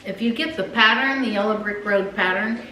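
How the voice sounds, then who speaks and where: An older woman, the host's mother, chatting casually in a soft-spoken, hesitant way. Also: mid-range voice, a little fast. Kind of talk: casual chat. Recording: echoey room.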